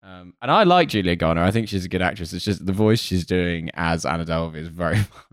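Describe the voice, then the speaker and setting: A man with a very deep, low voice chats casually. He jokes, drifts into fillers and trails off mid-thought. The sound is close and dry, with no room around it. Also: lively intonation, fast, no room sound. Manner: joking, trails off with fillers, puts on silly voices. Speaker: podcast co-host. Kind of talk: casual chat recapping a sitcom.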